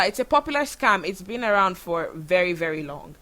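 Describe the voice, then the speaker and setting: A woman from Nigeria with a Nigerian accent, hosting a show and telling stories in a chatty, animated way full of fillers. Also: lowish voice, brisk. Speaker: podcast host. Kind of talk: casual storytelling monologue.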